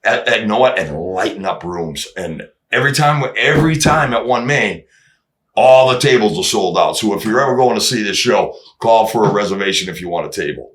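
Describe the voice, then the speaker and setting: A man, a drummer guest, telling stories in casual chat, animated, acting out what people said and swearing freely. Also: lowish voice, brisk, roomy sound. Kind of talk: casual storytelling.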